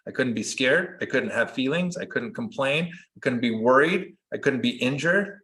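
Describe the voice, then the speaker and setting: A man telling personal stories as a guest in a casual conversation, earnest and animated. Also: mid-range voice, moderate pace. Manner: earnest, animated, acts out quoted dialogue. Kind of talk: conversational storytelling.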